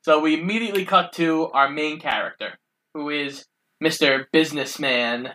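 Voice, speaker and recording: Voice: mid-range voice, moderate pace, bright, forceful tone, poor audio. A co-host of a casual film review podcast, steadily recapping the plot with easy asides. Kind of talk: casual chat.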